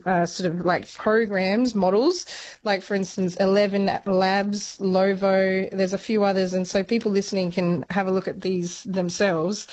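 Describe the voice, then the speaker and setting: A woman's voice: medium pitch, level tone, unhurried, darkish tone, highs cut off. A woman explaining speech science on a podcast, talking casually with many fillers and restarts.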